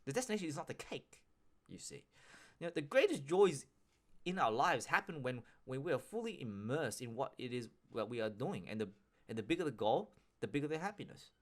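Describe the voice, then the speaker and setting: A man's voice: mid-range voice, very animated, brisk. Rambling man podcasting solo. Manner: rambling, frequent restarts, slangy and profane. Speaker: podcast host. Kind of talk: casual solo podcast monologue.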